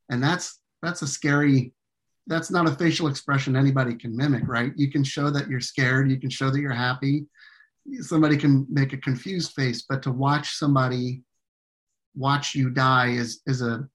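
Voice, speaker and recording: A man being interviewed tells a personal story in conversation, earnest and halting, with frequent fillers and restarts. His voice is mid-range.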